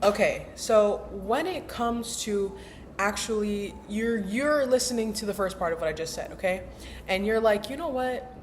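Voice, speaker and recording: At a measured pace, a young woman with a mid-range voice vlogs casually about mindset, with a little hiss or hum in the recording. Her motivational talk is chatty, emphatic and slangy, and she acts out inner voices.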